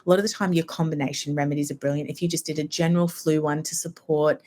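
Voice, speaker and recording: A low-pitched woman in her thirties chats on a podcast as a homeopath guest. She explains at length in a relaxed, conversational way, slipping into brief impressions of other people. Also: fast talker. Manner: chatty, explanatory, acts out quoted people. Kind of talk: casual podcast interview.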